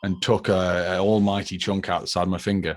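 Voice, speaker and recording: Low-voiced British man, dry and wry. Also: little pitch movement, fairly quick, crowd noise. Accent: British English. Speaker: electrician, podcast co-host. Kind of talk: casual chat.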